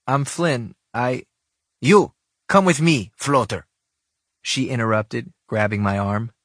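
A man's voice: on the low side, no echo, studio quality. A man narrating a first-person story with wry, casual asides.

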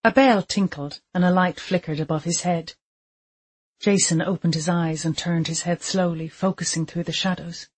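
An audiobook narrator reads a dark thriller in a calm, measured way. The voice is mid-pitched and noticeably breathy, with steady scripted pacing.

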